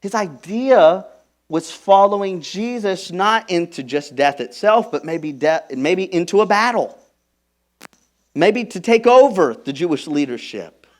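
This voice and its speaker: A man preaching a sermon as pastor, emphatic, moving from hushed, intimate lines to loud, stressed ones. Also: high voice, animated, a little slow. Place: church.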